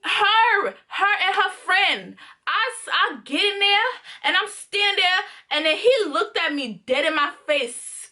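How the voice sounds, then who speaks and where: A woman's voice: extremely high pitch, animated, measured pace, pushed and bright. A young woman telling a storytime vlog, dramatic and emphatic, acting out scenes and swearing freely in slangy casual talk. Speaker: storytime vlogger.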